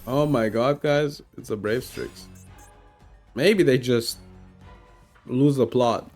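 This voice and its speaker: A man streaming himself playing a card game, chatting casually in an animated, self-mocking, rambling way full of fillers. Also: mid-range voice, takes it slowly, faint music behind. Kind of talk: casual gameplay commentary.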